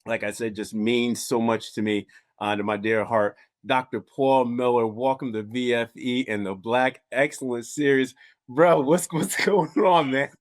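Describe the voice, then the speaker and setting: A man hosting a podcast, telling a story with lots of laughter and animated warmth toward his guest. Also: mid-range voice, moderate pace. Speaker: podcast host. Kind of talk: casual interview intro.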